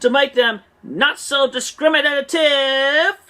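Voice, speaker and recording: Here the same kind of archived rant has her voice high, bright and pushed, with fairly even intonation and a slow pace. She exaggerates a theatrical imitation of a British accent, sounding pompous and indignant.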